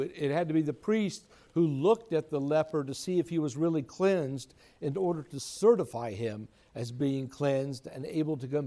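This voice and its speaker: A man's voice: a little high, dark tone. Earnest male priest preaching a homily. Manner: earnest explanatory preaching, rising for emphasis.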